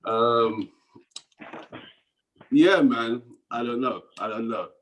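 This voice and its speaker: A man's voice: medium pitch, takes it slowly, pauses often, fairly bright tone, slight background noise, poor audio. A man with a Cockney accent doing a rambling stand-up set over a video call, dropping into mumbled asides and chuckling at his own jokes. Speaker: stand-up comedian.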